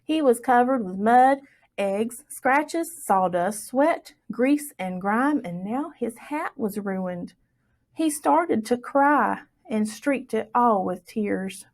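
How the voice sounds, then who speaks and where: Storytime reader. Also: female voice, on the high side, takes it slowly. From Southwest Virginia. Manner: expressive, lilting storytelling. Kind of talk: reading a folktale aloud for children.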